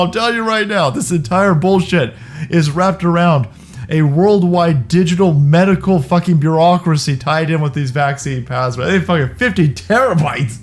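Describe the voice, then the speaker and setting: Sarcastic guy ranting and cussing, kinda high voice, faint music under it. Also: animated, moderate pace. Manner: sarcastic, profane, mocking. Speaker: commentary host. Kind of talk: ranting commentary.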